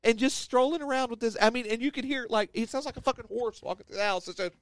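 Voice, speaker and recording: A man's voice: very high-pitched, fast, a little hiss or hum. A young man hosting a podcast, telling a story in casual chat, swearing freely and acting out what people said. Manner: animated storyteller who swears freely and acts out quotes. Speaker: podcast host.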